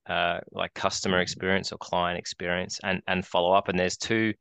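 A man's voice: deep voice, flat delivery, normal speed, creaky, a bit bright, smooth, no echo. An Australian man in his forties, co-hosting a podcast and telling a long rambling story with many restarts. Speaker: podcast co-host. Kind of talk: casual chat.

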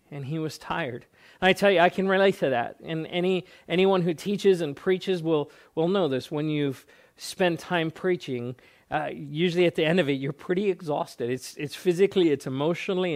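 A man preaching a sermon as a pastor, earnest, often repeating words and stretching out phrases for emphasis. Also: a little high.

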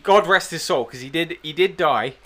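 Bright, high, animated man. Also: moderate pace. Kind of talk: casual banter.

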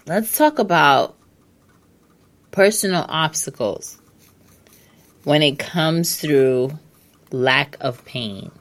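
A woman's voice: lowish voice, a bit bright. A woman hosting a casual advice monologue, blunt and emphatic, swearing and repeating herself, hiccuping. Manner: emphatic, repetitive, blunt with profanity.

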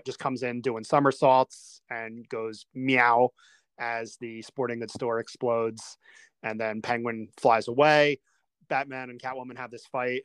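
A man's voice: mid-range voice, smooth, no room sound. Chatty man recapping film scenes, dry sound. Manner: chatty, animated retelling of scenes. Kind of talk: casual film discussion.

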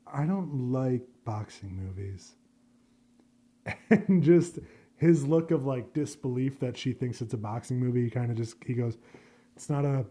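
A man hosts a solo podcast in loose, rambling talk, swearing freely and poking fun at himself. His voice is mellow and slightly husky, sitting at an ordinary middle pitch. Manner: rambling, profane, self-deprecating. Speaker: podcast host. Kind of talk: casual solo podcast chat.

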